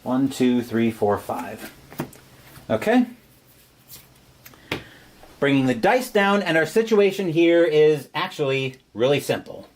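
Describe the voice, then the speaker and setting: A man's voice: a little high, big pitch swings, slow pace, long pauses. A man playing a board game on his own and explaining each move step by step. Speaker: solo board game player. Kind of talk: board game playthrough commentary.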